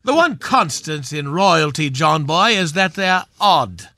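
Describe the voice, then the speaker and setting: A man's voice: fairly high pitch, sing-song, sharp tone, full character voice. A man playing a pompous, aging, knighted film swashbuckler as a guest on a radio comedy bit, with a grand, theatrical manner. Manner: grand, theatrical, drawn-out delivery.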